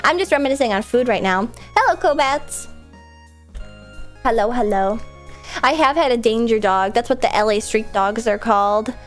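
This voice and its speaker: A woman's voice: fairly high pitch, expressive, normal speed, soft background music. A woman streamer, stuffed up from a cold, chatting casually and giggling while she reads out viewer messages. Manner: chatty and giggly, with lots of likes and restarts.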